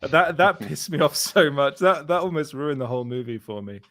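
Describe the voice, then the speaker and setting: A man's voice: a little high, lively intonation, moderate pace, bright, forceful tone. A man hosting a casual panel chat, laughing often and restarting his sentences. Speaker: show host.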